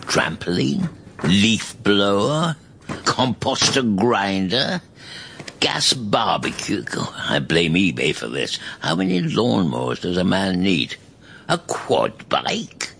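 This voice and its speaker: A man's voice: fairly low pitch, big pitch swings, slow pace, creaky, fairly bright tone, husky, heavily acted. An older man playing a fussy, theatrical grandfather in a radio comedy. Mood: exasperated. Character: fussy polite elderly grandfather.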